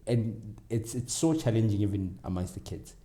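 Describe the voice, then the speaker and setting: A man's voice: lowish voice, lively intonation, normal speed, dark tone, roomy sound. A man speaking as a guest educator in a conversational interview, earnest and acting out conversations with students. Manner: earnest, acts out dialogue with kids. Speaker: guest, educator and tutoring business owner.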